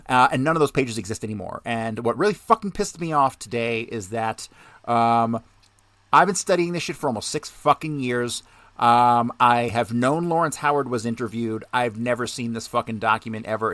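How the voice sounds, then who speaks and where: A man's voice: medium pitch, fairly bright tone, no echo. A man hosting a podcast, swearing heavily in a heated rant and jittery from too much coffee. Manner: profane, heated, swearing constantly. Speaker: podcast host. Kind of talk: ranting podcast monologue, reading documents aloud.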